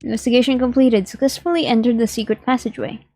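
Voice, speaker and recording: A woman streaming a game, chatting casually and reading its text aloud in a giggly, excitable way. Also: a little high, quick pace, no room sound. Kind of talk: casual let's-play commentary.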